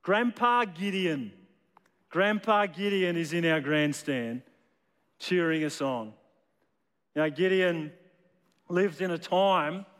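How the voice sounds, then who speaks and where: Male pastor telling a bible story, smooth high voice, lots of hall echo. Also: a bit bright. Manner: storytelling, repeats words as he builds. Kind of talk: sermon.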